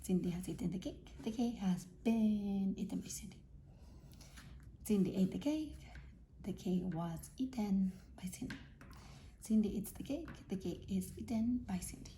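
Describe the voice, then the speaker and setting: Woman teacher, very dark mellow tone, patient grammar lesson, checks in often, self-filmed. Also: mid-range voice, animated, moderate pace, a little hiss or hum. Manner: patient, repeats key points, checks in with "okay?" and "right?". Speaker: English teacher. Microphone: self-filmed camera.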